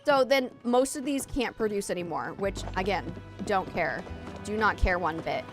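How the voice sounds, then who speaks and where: A woman live-streaming a cozy game, talking excitedly to her chat and game animals over a headset. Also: mid-range voice, moderate pace, music in the background. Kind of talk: casual live-stream chat while gaming.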